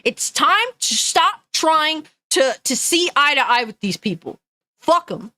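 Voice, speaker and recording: A woman's voice: high voice, sing-song, unhurried, bright, forceful tone, dry recording. Angry, profane woman streamer. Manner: reads chat comments aloud. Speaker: gaming news streamer. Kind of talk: ranting live commentary.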